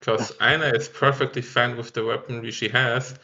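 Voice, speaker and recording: A man playing a tabletop game online, asking a question in a quiet, even way. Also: medium pitch, moderate pace, muffled recording. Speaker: player. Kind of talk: casual tabletop play.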